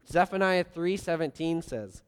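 A man preaching a sermon, earnest, swinging between loud emphasis and soft, quiet lines. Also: a little high, expressive, unhurried, clean tone. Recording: long reverb of a large hall.

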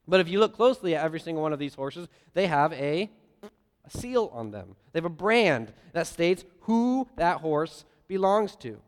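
Male preacher, fairly high smooth voice, animated storyteller, big echoing sanctuary. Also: moderate pace. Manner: lively storytelling with playful voiced asides. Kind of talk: sermon. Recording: long hall reverb.

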